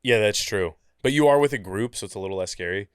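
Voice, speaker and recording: Male podcast guest from the Midwest, low smooth voice, chatty and animated, dry close mic. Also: fast, dry recording. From Kansas City, United States. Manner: animated, chatty, heavy use of "like". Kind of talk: casual storytelling interview.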